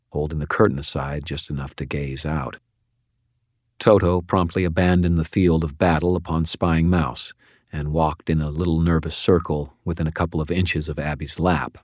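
Very deep-voiced man narrating an audiobook. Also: no echo, studio quality. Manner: wry, measured storytelling. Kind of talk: first-person audiobook narration.

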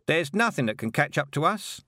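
A man's voice: fairly high pitch, very animated, moderate pace, sharp tone, no echo, clean studio sound, voice pushed up. A man voicing a fawning stagecoach driver who speaks eagerly in a raised voice.

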